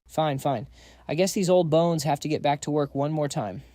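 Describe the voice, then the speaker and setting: A man's voice: on the high side, normal speed, dark tone, no room sound, natural voice. A man voicing a bossy powerful father. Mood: commanding. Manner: bossy and blunt. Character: proud powerful middle-aged father, boss.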